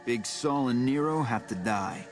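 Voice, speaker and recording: Male actor as a tough-talking video game mobster plotting a takeover, mid-pitched voice, clear music behind. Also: measured pace, close to an everyday voice. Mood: scheming. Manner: tough-guy, blunt, conspiratorial. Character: scheming male mob underling plotting a takeover.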